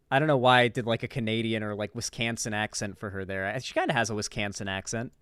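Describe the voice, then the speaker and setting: A man's voice: lowish voice, quick pace, hardly any pauses, a bit bright, clear, resonant tone, no echo, studio quality. A man giving casual reaction commentary on a clip, talking in a loose, profane and incredulous way. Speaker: political commentary streamer.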